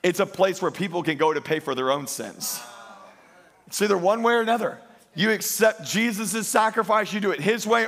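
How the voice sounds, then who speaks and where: A man preaching a sermon as pastor, emphatic, slowing and lifting his voice on key lines. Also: sits high, fairly bright tone. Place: church.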